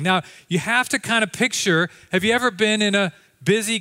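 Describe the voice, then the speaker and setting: A man preaching a sermon in a church, telling the story in a conversational way that swings from lively to quiet and slow. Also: high-pitched, clear, resonant tone. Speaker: pastor. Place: church sanctuary.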